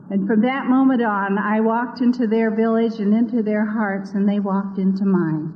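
A woman's voice: medium pitch, steady tone, moderate pace. An older woman telling her missionary story as a personal testimony, earnest and vivid, acting out the voices of the people she quotes. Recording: dull lo-fi recording with long reverb.

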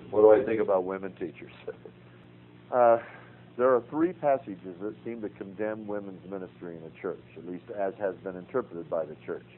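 An older man teaching a Bible class, earnest and folksy, telling personal stories between scripture quotes. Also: on the low side. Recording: tinny phone-like radio broadcast with faint hum.

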